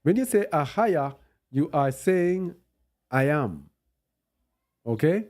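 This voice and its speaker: Bible teacher, male, mellow and dark-toned, unhurried, talking through a screen search. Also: fairly high pitch, animated. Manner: thinks aloud while searching on screen; stresses words by repeating them. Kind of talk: unscripted scripture teaching.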